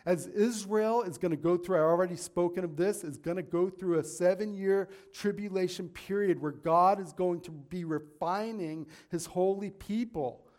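A man's voice: sits high, moderate pace, few pauses, darkish tone. A man preaching a sermon, reading scripture and retelling it in everyday words, earnest and at times emphatic. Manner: earnest, rising to emphatic peaks, with asides and paraphrases. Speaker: pastor.

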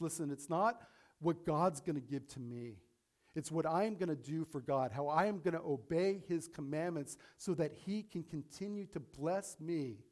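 Guy preaching a sermon, kinda high voice, gets loud acting out pleas then slows way down on the big points. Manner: preaching with rising intensity, acting out pleas to God; slows down to stress key points. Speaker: pastor.

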